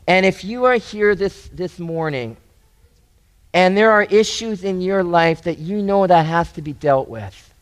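Man, pastor, sermon, earnest, repeats phrases, slightly high pitch. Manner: earnest, repeats and restarts phrases, rising emphasis.

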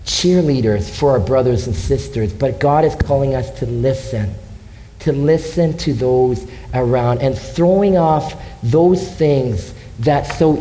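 A man's voice: fairly high pitch, darkish tone, a little hiss or hum, poor audio. A man preaching a sermon as pastor, passionate and emphatic, repeating key phrases.

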